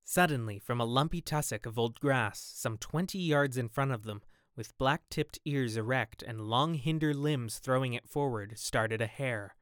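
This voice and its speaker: A man's voice: mid-range voice, normal speed, clear, resonant tone, no room sound, clean studio sound. A man reading a classic novel aloud as an audiobook narrator, acting out the characters' dialogue. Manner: acts out each character with raised, loud dialogue. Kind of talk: scripted narration.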